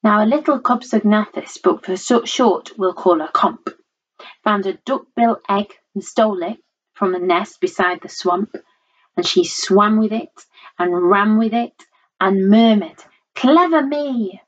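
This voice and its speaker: A woman reading a rhyming picture book aloud in a measured, rhythmic way. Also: medium pitch. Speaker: storyteller. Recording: dull lo-fi recording.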